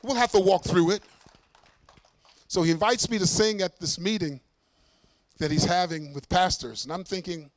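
A middle-aged man preaches a testimony as a lively storyteller, slipping into the voices of the people in his tale and poking fun at himself. His voice sits fairly high for a man. The sound is dry and close, with no room echo. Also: moderate pace, pauses often. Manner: lively storyteller, acts out dialogue, self-mocking humor. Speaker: preacher and singer giving a testimony.

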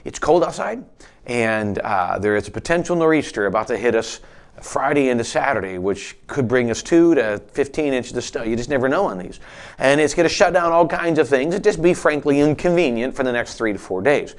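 A man's voice: mid-range voice, animated, a little fast. Middle-aged male pastor, folksy conversational sermon, loose and chatty with restarts. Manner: folksy, with frequent restarts and asides.

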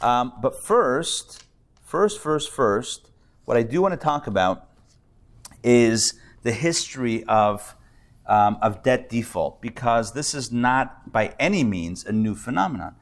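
A man's voice: mid-range voice, animated, slow. A man teaching a live class as a rabbi, talking in a loose conversational way with many restarts and repeated words, and dropping in wry jokes. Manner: wry humorous asides. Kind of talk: live adult-education lecture. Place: live lecture before an audience.

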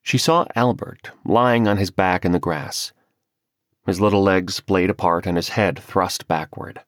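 A man narrating a novel as an audiobook reader, with measured storytelling. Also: low-pitched, fairly bright tone, no echo, clean studio sound. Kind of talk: scripted narration.

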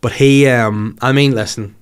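A man's voice: medium pitch, fairly even intonation, a little slow, clear, resonant tone. A man with a Northern Irish accent hosting a podcast, joking in casual chat and mimicking quoted people. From Northern Ireland. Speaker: podcast host.

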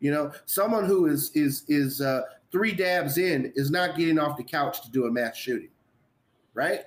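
A man with a fairly high voice hosts a casual podcast. He speaks earnestly and repeats words as he works out what to say. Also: moderate pace. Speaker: podcast host.

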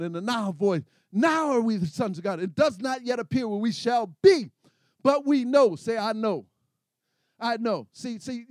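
High-voiced preacher, call-and-response. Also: male voice, darkish tone, no echo, studio quality. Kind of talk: sermon.

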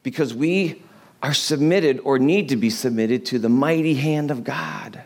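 A pastor preaches conversationally at a moderate pace, putting rhetorical questions to the congregation. His voice is mid-range with a darkish tone.

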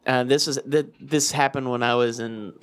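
A man's voice: mid-range voice, steady tone, moderate pace. A man in casual chat, telling childhood stories with laughter and acted-out voices.

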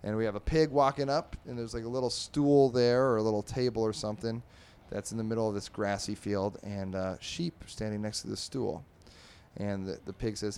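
A man's voice: lowish voice, moderate pace, darkish tone. A man hosting a comedy podcast, reading and reviewing newspaper comic strips in a rambling, wry way with many fillers and restarts. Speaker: host.

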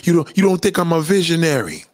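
A man delivering a profane, angry rant, repeating himself and sometimes shouting. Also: a little high, big pitch swings, quick pace, no room sound, clean studio sound. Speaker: online commentator. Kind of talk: profane ranting monologue.

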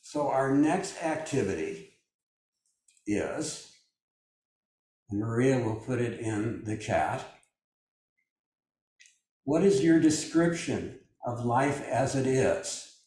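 A man's voice: mid-range voice, lively intonation, slow pace, pauses often, darkish tone. Older man musing in an echoey room. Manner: musing, loose, with frequent fillers. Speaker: meditation group leader. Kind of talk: teaching a group on a video call. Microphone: video call. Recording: very echoey room, distant mic.

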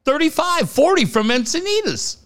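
A man's voice: extremely high pitch, sing-song, moderate pace, a bit bright. A man in his late forties from the San Diego area, telling a story casually, swearing freely and acting out the voices of the people in it. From San Diego area, California. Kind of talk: casual chat.

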